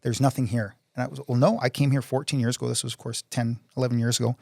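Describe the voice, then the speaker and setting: Fast-talking middle-aged man, earnest. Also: medium pitch, little pitch movement, vocal fry, darkish tone, dry recording, studio quality. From Canada. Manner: fast, earnest, with frequent restarts. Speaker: city council candidate and oil company CEO. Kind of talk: casual interview conversation.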